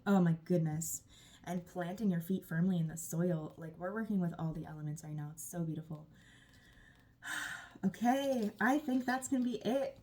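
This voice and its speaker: Woman tarot reader, warm affirmations, soft-spoken with sighs, lower-pitched. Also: moderate pace. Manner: gushing, affirming, sighs often. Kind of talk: channeled tarot reading.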